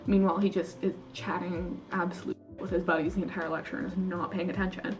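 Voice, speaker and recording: A woman's voice: fairly low pitch, flat delivery, fast, hardly any pauses, recorded from a distance, faint music behind, poor audio. A young woman from Canada, an international student vlogger, telling stories in casual chat that is full of "like" and fillers. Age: young adult. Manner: chatty, filler-heavy storytelling with lots of "like".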